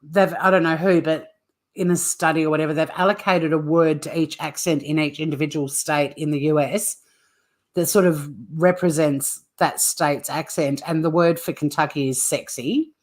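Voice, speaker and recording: A woman's voice: sits low, fairly even intonation, normal speed. A woman hosting a livestream, rambling in casual chat with viewers and swearing freely. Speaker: livestream host.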